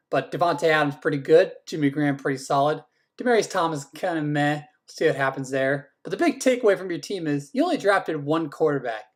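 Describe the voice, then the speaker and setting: A man acting as league commissioner, giving a casual, teasing run through each team's draft picks and swearing now and then. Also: a little high. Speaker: fantasy football league commissioner. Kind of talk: casual team-by-team draft rundown.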